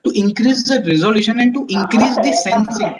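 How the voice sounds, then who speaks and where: A man's voice: sits high, a little fast, over a noisy crowd, rough recording. A man presenting a technical webinar, explaining test instruments step by step with frequent fillers and restarts.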